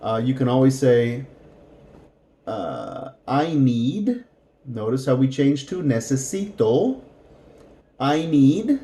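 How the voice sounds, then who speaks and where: A man gives a beginner language lesson in an unhurried, patient way, saying each word again and again for practice. His voice is mellow and mid-pitched. The room around him is echoey. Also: sing-song. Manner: slow, patient, repeats words for practice. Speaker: Spanish teacher.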